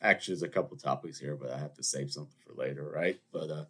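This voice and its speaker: A man hosting a podcast in a casual, rambling solo monologue, self-mocking and animated. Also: a bass voice, fast, slightly rough. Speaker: podcast host.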